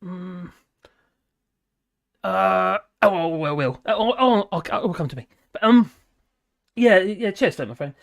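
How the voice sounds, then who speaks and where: A woman's voice: medium pitch, animated, measured pace, creaky, long pauses. An older woman, hosting a live stream and chatting casually with viewers in a rambling, jokey, cheeky way.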